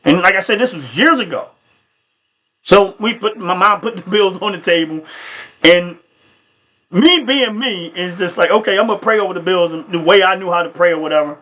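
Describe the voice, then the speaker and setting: A man's voice: high-pitched, moderate pace, pushed and bright. A man hosting a livestream, telling a personal faith testimony in an earnest, emphatic way and repeating himself for stress. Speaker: livestream host.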